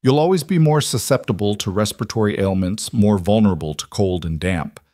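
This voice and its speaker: A man playing a grave frontier doctor who speaks slowly and deliberately in a storybook. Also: lowish voice, mellow, no echo, clean studio sound, natural voice.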